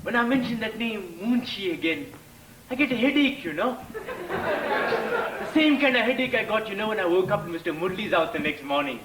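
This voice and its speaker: On a theatre stage, an actor with a high, animated voice plays a boastful, tipsy man who teases and laughs slowly through a story. Crowd and background noise come through, and the distant mic catches the echo of the hall.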